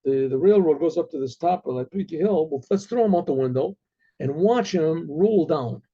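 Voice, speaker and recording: A man voicing a crowd of rowdy, drunken, cruel Cossack soldiers who jeer and shout. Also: fairly high pitch, expressive, normal speed, slightly rough, lo-fi sound. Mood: gleeful. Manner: jeering, boisterous shouting.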